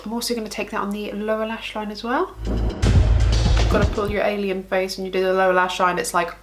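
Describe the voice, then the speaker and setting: A chatty woman talks through her makeup in a casual vlog, thinking aloud and breaking into giggles. Her voice sits at an everyday middle pitch. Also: level tone, brisk, over loud music. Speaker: makeup vlogger. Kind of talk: casual makeup tutorial chat.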